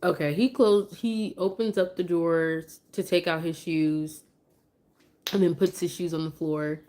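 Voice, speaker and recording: A woman's voice: on the low side, fairly even intonation, a little slow, warm tone. A mother chatting casually on a live stream, open and emotional, turning sing-song when she coaxes her toddler.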